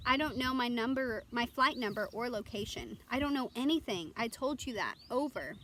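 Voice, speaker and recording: A woman voicing a panicked teenage boy alone in a plane, pleading and shouting. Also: on the high side, moderate pace, a little hiss or hum, natural voice. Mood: desperate.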